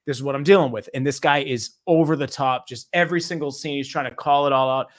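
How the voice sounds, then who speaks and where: A man hosting a casual movie review podcast, his voice sitting at an ordinary middle pitch. He tells stories with energy, swears freely and slips into mimicry of other people. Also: fast talker. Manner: animated, profane storytelling with mimicry. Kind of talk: casual chat.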